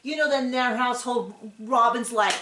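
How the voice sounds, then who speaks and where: Her voice is a little high, pushed and bright, with fairly even intonation at a normal speed. As a TV recap host, she offers casual, opinionated reality-TV commentary, rambling with many fillers in an echoey space.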